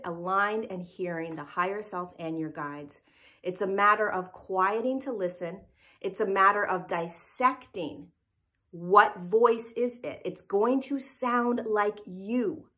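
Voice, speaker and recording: A woman gives an informal spiritual teaching talk at a steady, mid-range pitch. She speaks earnestly and emphatically and keeps checking in with her listeners, tagging "right?" onto her points. She sounds like she is talking straight to a group. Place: live event replay.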